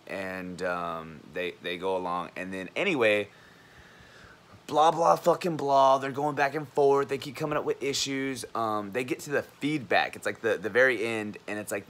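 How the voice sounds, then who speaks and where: A man's voice: lowish voice, a bit bright. A young man, an army veteran, ranting to camera in a heated, rambling, profane way about his intentions and a club meeting. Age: young adult. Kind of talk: casual rant to camera.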